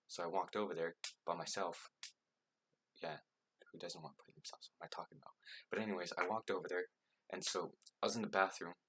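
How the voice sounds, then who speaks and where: A young man with a low, husky voice tells a story from his own life, rambling and leaning on fillers. He mocks himself along the way, and his sound stays forceful and bright despite the low pitch. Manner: rambling, filler-heavy, self-mocking. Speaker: vlogger. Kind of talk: casual storytelling.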